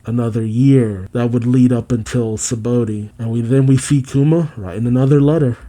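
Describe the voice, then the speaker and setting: A man's voice: mid-range voice, steady tone, normal speed, few pauses, warm tone, poor audio. A man hosting a manga reaction, reading the pages aloud with casual, reflective asides. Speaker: manga reaction channel host.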